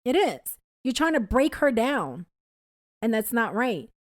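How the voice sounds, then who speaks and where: A woman co-hosting a casual chat podcast, speaking forcefully and chiming in with quick agreement. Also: a little high, sing-song, no echo, clean studio sound. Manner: forceful, agreeing loudly with short interjections. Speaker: podcast co-host.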